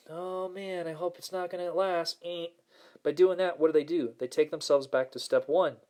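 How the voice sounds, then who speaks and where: A man hosting a motivational self-help talk, upbeat and earnest, repeating key phrases and slowing down to stress his points. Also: mid-range voice, darkish tone. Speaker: host and self-help coach.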